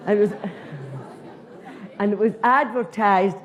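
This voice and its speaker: A woman's voice: medium pitch, measured pace, a faint crowd. An older Scottish woman, a comedian telling a self-mocking story in a chatty stand-up style. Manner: conversational, self-mocking, lively.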